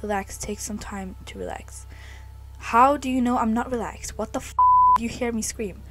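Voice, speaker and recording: A young woman playing a horror game alone in a dark basement, jumpy and scared, often swearing and screaming. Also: on the high side, normal speed, soft background music. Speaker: gaming video creator.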